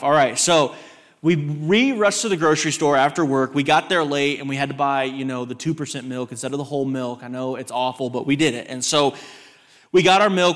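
A young man with a drawl preaching as a guest speaker, his voice sitting a little high for a man. He tells a funny personal story in a folksy, joking way, checking in with the congregation as he goes. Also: fairly bright tone. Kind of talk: sermon with humorous storytelling.

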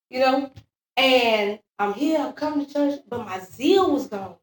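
A woman's voice: high voice, animated, measured pace. A woman preaching a sermon, telling her own testimony and repeating phrases in a building call-and-response rhythm. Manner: testimony-driven, repetitive call-and-response cadence. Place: church sanctuary. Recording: echoey church room, far from mic.

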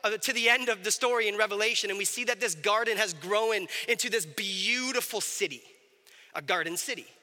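Bright, high-voiced man preaching in a hall. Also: fairly quick. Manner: conversational, animated, asks the audience questions. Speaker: pastor. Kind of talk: sermon.

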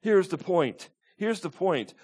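A man's voice: sits high, lively intonation, takes it slowly, darkish tone, husky. A man preaching a sermon as pastor, emphatic, repeating his key points and asking the congregation to call out answers.

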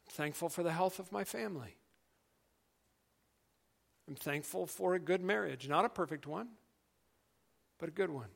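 A middle-aged male pastor preaching a sermon in an earnest, conversational way, dropping to quiet emphasis. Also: fairly high pitch, moderate pace, gravelly, pauses often.

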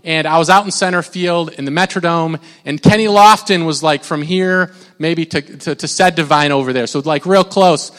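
Pastor, male, somewhat high voice, chatty sermon style, big reverberant hall. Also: normal speed, few pauses. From Minnesota. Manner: conversational, repeats words, mimics shouting.

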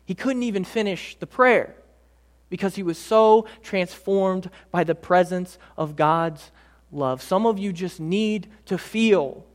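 Guy preaching a sermon, kinda high voice, goes loud then real soft and slow on the big words. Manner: dynamic preaching, drops to soft near-whispers on key words; slows right down for emphasis. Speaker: pastor.

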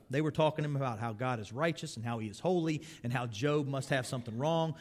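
A man preaching a sermon, reading scripture aloud with rising force and dropping quiet when he speaks to the listeners directly. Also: brisk, hardly any pauses. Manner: reads scripture louder and higher, drops quiet for personal appeals.

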